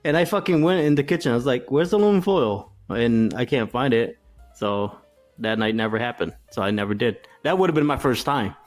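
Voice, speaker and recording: A man's voice: mid-range voice, expressive, fairly quick, soft background music. A man co-hosting a casual podcast chat, telling stories with lots of cursing and laughter. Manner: profane, laughing storyteller. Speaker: podcast co-host.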